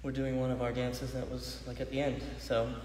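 A man's voice: mid-range voice, completely flat delivery, normal speed, a little mellow. A man in his thirties chatting casually on a phone livestream from a large dance studio, reading viewer questions and laughing often. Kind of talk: casual chat. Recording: echoey hall with faint noise.

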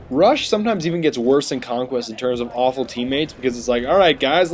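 A man's voice: mid-range voice, a little hiss or hum. A young man giving casual, sarcastic commentary over his own gameplay, now and then mocking other players in silly voices. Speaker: gaming commentator.

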